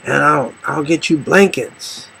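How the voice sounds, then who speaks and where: A man's voice: measured pace, creaky, slight background noise, rough recording. A middle-aged man from the Los Angeles area telling personal stories about faith in a rambling, storytelling way. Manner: storytelling, voices others with sudden high shouts.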